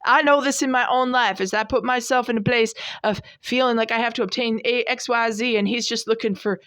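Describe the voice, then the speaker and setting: A woman's voice: on the high side, steady tone, brisk, a bit bright, no echo, clean studio sound. A woman in her forties giving a devotional talk in an emphatic, folksy way, repeating her points for stress. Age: 40s. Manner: emphatic, repetitive, folksy preaching. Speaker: devotional podcast host.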